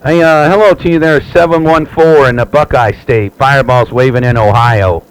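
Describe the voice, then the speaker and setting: A man chatting on a CB radio from his home station, relaxed and repetitive, with many fillers. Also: medium pitch, normal speed, background noise. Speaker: CB radio operator. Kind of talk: live radio chat. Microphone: radio transceiver mic.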